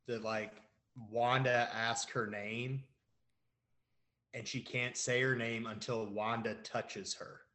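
A man's voice: mid-range voice, fairly even intonation, slow pace, bright, forceful tone. A man co-hosting a podcast, chiming in with questions and asides in casual chat. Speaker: podcast co-host.

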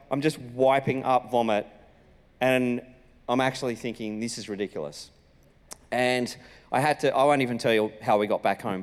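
A man, a senior pastor telling a personal story in a sermon with lively, animated delivery. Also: mid-range voice. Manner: animated storytelling, acting out his own lines. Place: church auditorium. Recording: reverberant church hall.

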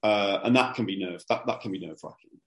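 A man's voice: fairly low pitch, fast talker, roomy sound. A middle-aged man, a comedian being interviewed, talking casually and animatedly, often repeating words as he starts his sentences. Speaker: comedian guest.

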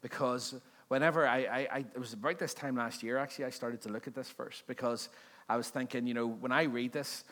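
A man's voice: mid-range voice, fairly even intonation, brisk, fairly bright tone. A male pastor preaching a sermon in a conversational, joking way, often asking the congregation questions. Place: church service before a congregation.

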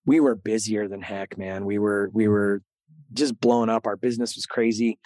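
A middle-aged man, a podcast host, telling a candid story in an interview, animated and earnest and often repeating words as he goes. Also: lowish voice, moderate pace, dry recording.

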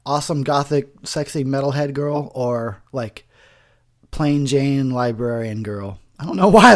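A man giving a rambling, profane, tipsy commentary over a movie, laughing often. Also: mid-range voice.

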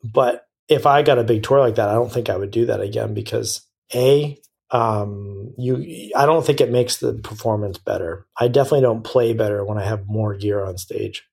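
A man's voice: lowish voice, normal speed, gravelly, darkish tone, slightly rough. A man as a podcast guest, talking frankly in a rambling way, often restarting and correcting himself. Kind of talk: casual interview chat.

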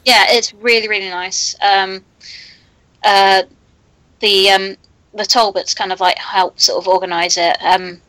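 A woman's voice: mid-range voice, flat delivery, unhurried, sharp tone, dry recording, poor audio. A woman, a comic creator guest, chatting casually on a podcast with many ums and likes. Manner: hesitant, lots of ums and likes.

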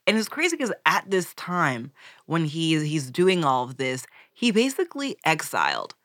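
Woman co-host, casual and profane, bright tone with lively pitch. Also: moderate pace, no echo, clean studio sound. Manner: animated, profane storytelling with acted-out quotes. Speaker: podcast co-host. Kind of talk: casual chat.

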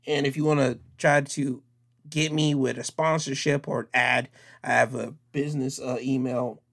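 A man's voice: mid-range voice, steady tone, moderate pace, vocal fry, a bit bright. A young man hosting his own podcast, signing off in a casual, rambling way, repeating himself. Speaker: podcast host.

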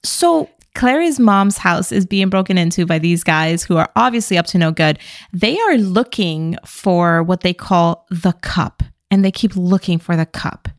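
A woman's voice: lowish voice, lively intonation, dry recording, clean studio sound. A young woman co-hosting a podcast, recapping a movie in sarcastic, chatty talk. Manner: chatty, sarcastic, quick asides. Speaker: podcast co-host. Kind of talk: casual movie recap chat.

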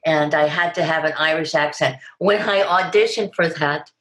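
An older actress tells stories in a casual interview, bursting into acted-out quotes along the way. Her voice sits a little low. The room is noticeably echoey around her. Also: moderate pace. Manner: animated storyteller, acts out quotes with big pitch jumps.

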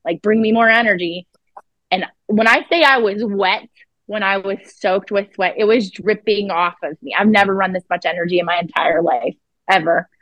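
A woman's voice: medium pitch, moderate pace, fairly bright tone, no echo, low-quality recording. A woman telling a story as a psychic guest on an interview podcast, blunt and profane, acting out what people said. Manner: blunt, profane, acts out quoted dialogue.

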